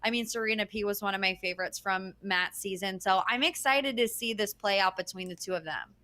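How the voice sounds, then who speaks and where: A woman's voice: mid-range voice, a little fast, pushed and bright. A woman co-hosting a casual chat, gushing and enthusiastic. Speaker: co-host.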